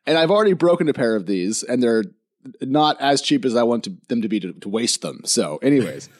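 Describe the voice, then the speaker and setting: A man appearing as a podcast guest, talking energetically with self-deprecating, quick asides. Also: medium pitch, very animated, a little mellow. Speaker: guest, tech journalist. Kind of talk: casual podcast chat. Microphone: headphones on, podcast mic.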